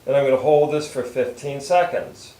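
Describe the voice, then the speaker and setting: A chiropractor calmly talking through posture stretches step by step while he demonstrates them. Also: mid-range voice, normal speed, reverberant, poor audio. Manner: calm, steady step-by-step instruction while moving. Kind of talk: instructional exercise demonstration.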